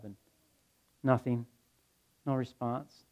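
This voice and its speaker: A man's voice: mid-range voice, fairly even intonation, a little slow, pauses often, a little mellow. A male pastor preaching a sermon, blunt and earnest, telling stories in a conversational way. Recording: dull lo-fi sound.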